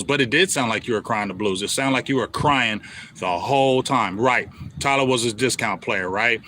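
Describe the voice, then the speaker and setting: A man with a bright, forceful voice rants in fan commentary, repeating his points and pushing back hard. His pitch sits in a middle range for a man. Faint noise hums under the recording. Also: brisk. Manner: heated, repetitive, talks straight at the team bosses. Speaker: sports show host.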